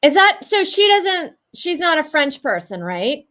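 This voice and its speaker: Woman in her 40s cohosting, friendly upbeat chat, a bit high. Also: very animated, measured pace, a bit bright. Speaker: film festival co-host. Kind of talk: casual chat.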